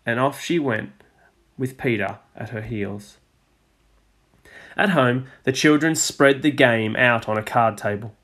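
A male teacher reads a children's picture book aloud in a mid-pitched voice. His storytelling is expressive, and he lets his voice fall low and soft on the speech tags. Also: a little slow, pauses often.

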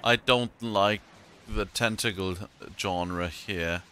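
A man narrates his own gameplay in a loose, joking ramble, cursing freely at the game. His voice is bright and crisp, and he takes his time, drawing out his words. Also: lowish voice, fairly even intonation, slow pace, faint music behind. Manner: swears and exclaims at the game. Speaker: let's play gamer. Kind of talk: casual gameplay commentary.

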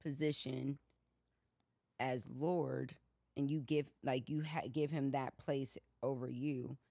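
Low-voiced woman in casual faith chat. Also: slow, vocal fry, no room sound, studio quality. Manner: relaxed, thoughtful, many "you know what I'm saying". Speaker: podcast co-host.

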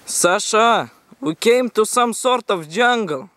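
A man's voice: high voice, lively intonation, takes it slowly, bright, forceful tone, a little hiss or hum. A man vlogging outdoors by a forest river, in a teasing, mock-dramatic way, talking to his viewers. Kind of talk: playful outdoor vlog commentary.

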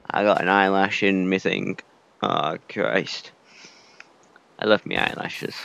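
A man's voice: sits low, steady tone, slow, vocal fry, a bit bright, slight background noise. A young man casually commenting while playing a survival game, muttering to himself with mild swearing. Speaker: gaming video creator. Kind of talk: casual let's-play commentary.

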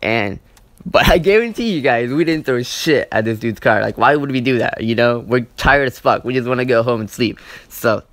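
A man's voice: mid-range voice, lively intonation, normal speed, fairly bright tone, dry recording. Young man rambling, cursing, dry sound. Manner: rambling, profane, heavy use of "like" and "you know". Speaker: gaming channel host. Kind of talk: casual storytime over gameplay.

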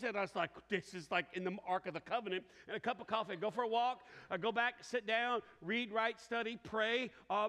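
A man preaches in a high, bright voice, spinning folksy stories full of quoted voices and playful asides. His words ring out through a large church hall with a long reverb tail. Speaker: pastor. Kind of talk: sermon.

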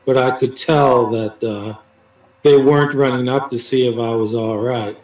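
A man, a poet, telling stories as an interview guest in a halting way, with many restarts and dry teasing. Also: medium pitch, steady tone, crowd noise. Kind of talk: casual storytelling interview. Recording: roomy, distant, dull sound with faint music.

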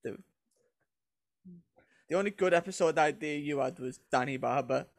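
A man's voice: on the high side, normal speed, creaky, no echo, clean studio sound. A young man, co-hosting a podcast in blunt, jokey, sweary casual chat. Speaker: co-host.

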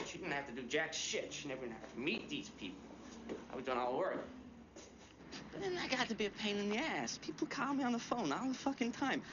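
Young hustler type, profane storyteller, lively pitch, muffled movie mix. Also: male voice, noisy background. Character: edgy young man spinning a drug-deal tale. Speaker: actor. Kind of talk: film dialogue. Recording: dull film audio with music underneath.

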